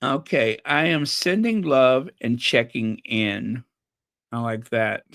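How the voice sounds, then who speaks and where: A man's voice: medium pitch, slow, fairly bright tone, dry recording, studio quality. A man hosting a casual livestream, reading viewers' messages aloud in a chatty, apologetic way and laughing nervously. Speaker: channel host reading live chat.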